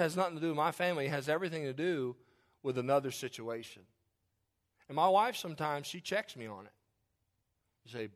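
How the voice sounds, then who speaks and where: High-voiced pastor preaching a sermon. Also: male voice. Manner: conversational preaching with humor, swings from loud outbursts to quiet confession.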